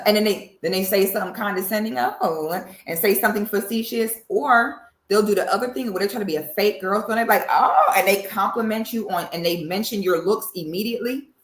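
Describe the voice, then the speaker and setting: A woman doing reaction commentary in a sassy, animated, drawling way. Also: a little high, normal speed, roomy sound. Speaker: commentary host.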